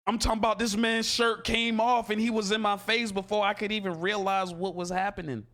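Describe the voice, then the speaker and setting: A man's voice: high voice, a little fast. A man streaming a game, telling a story casually and animatedly in heavy slang and acting out what people said. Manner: animated, slangy, acts out quotes. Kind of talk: casual storytelling while gaming.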